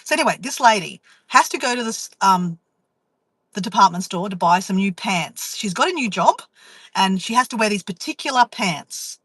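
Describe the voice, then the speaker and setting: A woman vlogger, telling a story to her live chat in a chatty, animated way and acting out inner voices. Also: mid-range voice, normal speed, slightly rough, dry recording, rough recording.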